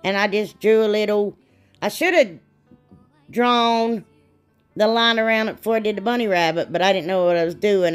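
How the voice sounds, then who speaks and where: A woman, chatting casually and rambling a little as she narrates a DIY craft video. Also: mid-range voice. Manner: chatty, rambling, laughs at herself.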